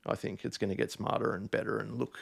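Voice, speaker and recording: A man's voice: fairly low pitch, little pitch movement, quick pace, gravelly, slightly rough. A man, a DJ guest, chatting loosely and swearing freely in a casual conversation. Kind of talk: casual chat.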